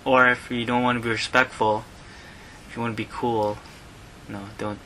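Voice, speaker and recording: A man hosting a podcast, teaching Tagalog words in a slow lesson and repeating each word patiently. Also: medium pitch, a little hiss or hum, poor audio. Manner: repeats words slowly, relaxed and friendly. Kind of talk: slow language lesson with repetition.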